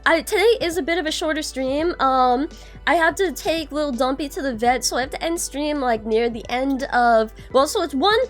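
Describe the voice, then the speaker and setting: A young adult woman streaming, chatting casually and greeting her viewers by name, bubbly and swearing now and then. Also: high-pitched.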